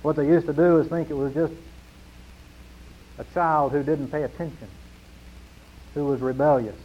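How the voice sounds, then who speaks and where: A middle-aged pastor from New preaches in a slightly raised voice. He drives his points home through repetition, swinging from loud declarations to hushed lines. The recording sounds muffled and lo-fi. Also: fairly high pitch, fairly even intonation, moderate pace. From New Mexico, USA. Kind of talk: sermon.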